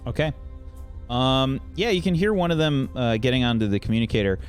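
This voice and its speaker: A man's voice: medium pitch, a little fast, clear, resonant tone. A man running a tabletop role-playing game as game master, narrating loosely with many fillers. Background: faint background music.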